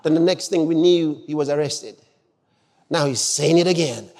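A man preaching a sermon, exuberant and shouting out his exclamations. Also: on the high side, moderate pace. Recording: long hall reverb.

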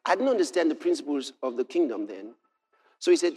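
A man preaching a sermon. He moves from quiet storytelling to shouted exhortation and quotes scripture in old-fashioned wording. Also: a little high, big pitch swings, brisk, husky.

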